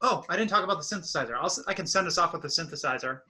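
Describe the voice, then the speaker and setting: A young man with a very bright, ringing voice, chatting casually as a podcast co-host. He talks loosely, full of "like" fillers, and walks through details step by step. His voice sits a little high for a man. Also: lively intonation, racing, rough recording. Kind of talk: casual chat.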